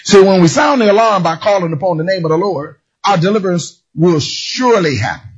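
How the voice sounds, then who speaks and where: Husky, animated preaching man. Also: high-pitched, normal speed. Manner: animated preaching, shouting and half-singing, storytelling with voices. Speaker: pastor. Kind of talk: sermon. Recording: dull lo-fi sound.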